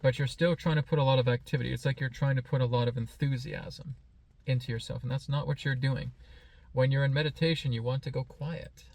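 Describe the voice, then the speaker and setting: A man speaks as a spiritual teacher in a slow, calm, meditative way. His voice is gravelly and keeps an even, level pitch. He talks in a reflective, teaching manner. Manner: playfully mimics excited voices.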